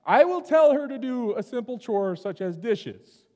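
High-voiced pastor in an echoing hall. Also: male voice, expressive, unhurried, a little mellow. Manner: conversational, storytelling, keeps asking "right?". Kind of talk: sermon. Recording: long hall reverb.

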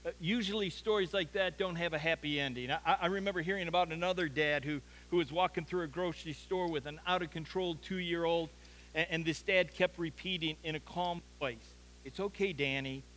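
A man's voice: a little high, fairly even intonation, brisk, fairly bright tone. A man preaching a sermon, telling stories earnestly and often stumbling over restarts as he talks. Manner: earnest storytelling with frequent stammered restarts. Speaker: pastor.

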